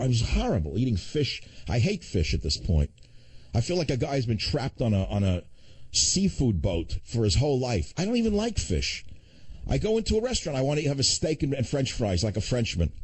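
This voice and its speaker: Animated older man ranting on talk radio. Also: mid-range voice, breathy edge, dry recording. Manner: fast, animated ranting with sarcastic asides. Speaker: radio talk show host.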